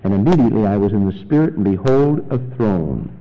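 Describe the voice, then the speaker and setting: A man preaching a sermon and reading scripture, teaching in a measured, deliberate way with solemn emphasis. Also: on the low side, lively intonation, narrow, tinny audio. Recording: long reverb of a large hall.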